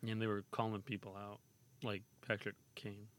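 A man's voice: on the low side, little pitch movement, normal speed, fairly bright tone, no echo. A man co-hosting a casual hockey podcast, adding short wry remarks. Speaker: podcast co-host. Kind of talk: casual hockey news chat.

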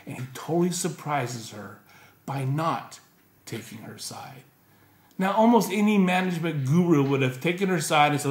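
A male pastor preaching a sermon in an animated, conversational way, with rhetorical questions to the congregation. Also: fairly high pitch, normal speed. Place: church. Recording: echoey church room.

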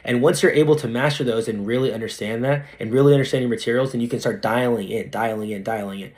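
A young man who is a dentist talks fast in a mid-range voice as a casual podcast guest. His animated, slangy chatter is peppered with "right?" and with "dude" for the listener.

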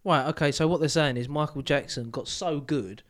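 A man's voice: a little high, normal speed. A young man co-hosting a podcast, chatting casually, swearing freely and breaking into mock singing and laughter. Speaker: podcast co-host. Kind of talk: casual banter.

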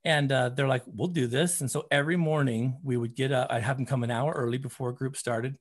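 A man's voice: medium pitch, brisk. A man, a therapist and running coach, telling a story in casual conversation, acting out quotes with lots of fillers. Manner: animated, acts out quotes, many fillers like "you know" and "man".

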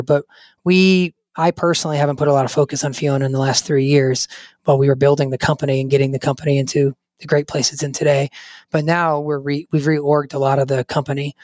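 A man with a weak, strained, fairly high voice co-hosts a casual podcast. He rambles loosely and keeps the conversation moving, recorded dry with no room sound. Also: no echo. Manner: rambling, loose, steers the talk. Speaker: podcast co-host.

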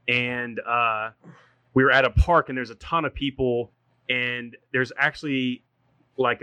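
A man's voice: mid-range voice, pushed and bright, dry recording, low-quality recording. A man in a casual chat with friends, rambling through an anecdote with hesitant, winding phrasing. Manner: rambling, full of fillers and restarts. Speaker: participant sharing a story.

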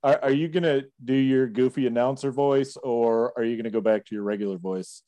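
A man's voice: medium pitch, fairly quick, dark tone, no room sound. A man co-hosting a podcast in easygoing, teasing banter. His voice sits in a dry, close recording with no room sound. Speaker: podcast co-host.

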